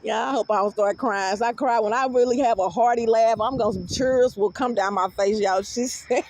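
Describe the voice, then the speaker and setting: A woman's voice: on the high side, fairly quick, a little mellow, a little hiss or hum. A middle-aged woman telling a rambling story to her viewers, cursing freely and often laughing hard. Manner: profane, rambling, breaks into hearty laughter. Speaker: vlogger.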